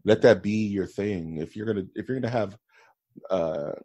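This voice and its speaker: A man's voice: fairly low pitch, normal speed, mellow, dry recording. A man co-hosting a podcast in casual chat, laid-back, often saying "dude" and "man". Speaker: podcast co-host.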